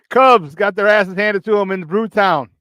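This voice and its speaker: A man hosting a morning sports show, talking in a quick, slangy rush. His voice sits a bit high for a man and comes through dry and close-miked. He stays lively, greets chatters by name, and laughs easily between points. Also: no echo. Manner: energetic, slangy, greets chat viewers by name, laughs often. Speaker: sports talk show host. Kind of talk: casual morning sports chat.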